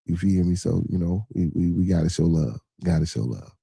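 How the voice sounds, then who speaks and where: A man hosting a casual livestream podcast, rambling and cursing, full of fillers and shout-outs to his viewers. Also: deep voice, fairly quick, gravelly, husky, no echo, studio quality. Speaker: podcast host.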